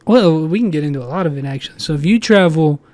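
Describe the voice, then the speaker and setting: A man's voice: on the high side, animated, fast, darkish tone, no echo. A man hosting a podcast, laid-back, reacting briefly and rambling in his asides. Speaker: podcast host. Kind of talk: casual chat. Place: podcast studio.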